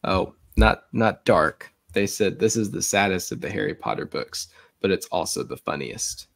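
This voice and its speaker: A man's voice: sits low, animated, moderate pace, vocal fry, a bit bright, no room sound. A man co-hosting a casual podcast over a remote call, chatting with wry, sarcastic asides. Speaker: podcast co-host.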